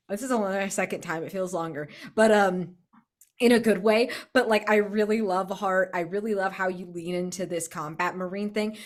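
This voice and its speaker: A woman gushing in casual chat after a tabletop game session, excitable and swearing freely. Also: mid-range voice.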